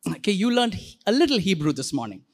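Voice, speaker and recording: Lively pastor preaching. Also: medium pitch. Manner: interactive, calls the congregation to repeat words; playful, quick asides and jokes. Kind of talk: sermon. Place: church.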